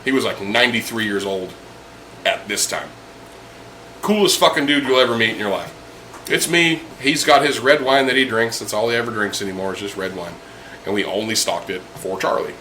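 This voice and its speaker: A man's voice: fairly low pitch, a little fast, pushed and bright, a little hiss or hum, low-quality recording. A young man casually telling a profane story over drinks, acting out the people in it. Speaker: podcast host.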